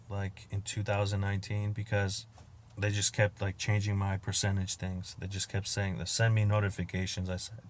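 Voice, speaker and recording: A man hosting a podcast, riffing in a crude, profane monologue, laughing at his own jokes and acting out quotes with loud outbursts. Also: on the low side. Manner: acts out quoted exchanges with sudden loud outbursts. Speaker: podcast host. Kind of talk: casual comedic monologue.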